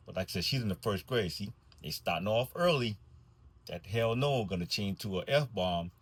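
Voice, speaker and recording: A man who drives a school bus, telling a comic story in a drawling, wry deadpan way. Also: lowish voice, normal speed, slightly rough.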